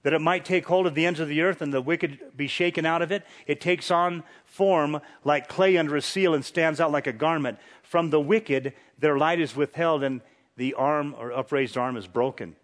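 A man's voice: on the high side, normal speed. A man preaching a sermon, reading scripture dramatically and pressing rhetorical questions with chuckles. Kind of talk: sermon, Bible exposition.

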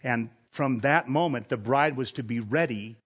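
A man preaching an expository sermon at an average pitch. He speaks earnestly and with emphasis, raising his voice on the points he wants to land. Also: moderate pace, slightly rough.

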